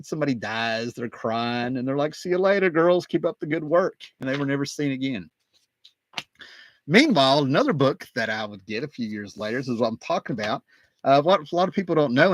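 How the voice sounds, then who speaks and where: A man hosting his own video, talking casually and excitedly, wandering off on tangents with plenty of fillers. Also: medium pitch, dry recording. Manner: excited, digressive, many fillers. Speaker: comic book collector and video host. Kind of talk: casual rambling talk.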